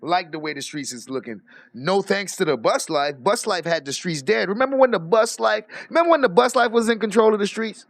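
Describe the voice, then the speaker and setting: High-voiced gravelly man streaming. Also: animated, fairly quick, no room sound. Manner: boastful, profane, laughs often. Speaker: live streamer. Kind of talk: casual livestream rant.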